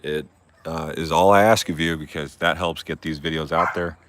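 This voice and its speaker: Deep-voiced young man live-streaming outdoors. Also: fairly even intonation, normal speed, background noise. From Arizona. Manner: rambling, laughs often, talks to his dog. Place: backyard garden outdoors.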